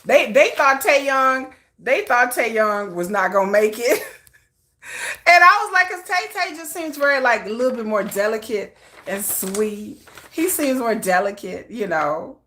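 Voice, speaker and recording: A woman with a Texan twang hosting a casual livestream, chatty and animated, often restarting her sentences. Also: a little high, measured pace. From Texas. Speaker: K-pop news livestream host.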